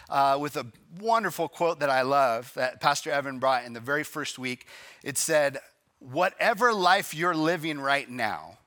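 A man preaching a live church sermon, telling a story and acting out its dialogue with lively emphasis. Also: medium pitch. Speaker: pastor.

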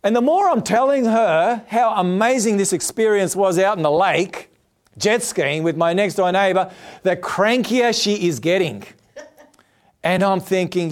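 A middle-aged man, a pastor telling a lively personal story in a sermon before turning to prayer. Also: measured pace. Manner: animated storyteller, voices quotes with big pitch jumps.

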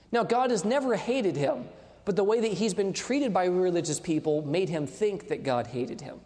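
A man's voice: high-pitched, expressive, normal speed, a little mellow. Preacher man in a reverberant hall. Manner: storytelling with quoted dialogue, asks the congregation questions. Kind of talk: sermon.

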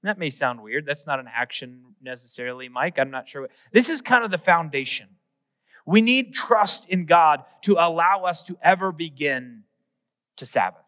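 A man delivers a sermon in a relaxed, self-deprecating style, tossing in playful asides. His voice is bright and sits a little high for a man. The sound rings out with a long reverb, as in a large church sanctuary. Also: normal speed. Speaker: pastor. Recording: echoey hall with long reverb.

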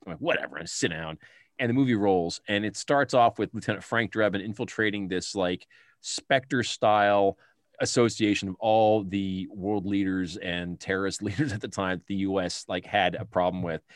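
A middle-aged man in a casual film chat, animated and laughing often as he retells scenes. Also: fairly low pitch, no room sound, studio quality.

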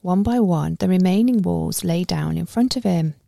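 Low, gravelly-voiced woman narrating a story. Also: no echo, clean studio sound. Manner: steady, measured storytelling. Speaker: audiobook narrator. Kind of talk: first-person story narration.

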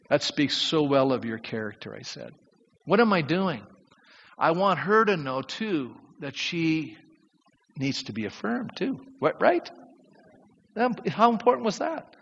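Middle-aged male pastor, high voice, animated sermon delivery, dull recording in a reverberant hall. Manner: animated, rising to near shouts when preaching. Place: church sanctuary. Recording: muffled church recording with long reverb.

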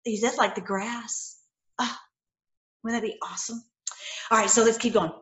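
A woman's voice: fairly high pitch, fairly even intonation, moderate pace, a bit bright, roomy sound. Effusive older woman teaching the Bible. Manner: effusive, full of rhetorical questions. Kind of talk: informal Bible teaching and prayer.

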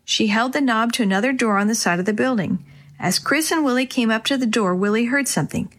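A woman reads a children's story aloud with clear, expressive narration. Her voice sits a bit high. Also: fast. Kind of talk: storybook reading.

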